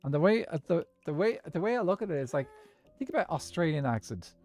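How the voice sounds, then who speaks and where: A man's voice: a little high, very animated, fast, darkish tone. A man chatting casually and rambling through his opinions while streaming a game. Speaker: gaming streamer. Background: background music.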